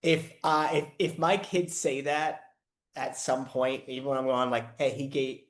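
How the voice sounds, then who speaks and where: A man hosts a casual podcast interview, speaking slowly in a reflective, halting way. His voice echoes in the room. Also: mid-range voice, fairly even intonation. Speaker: podcast host.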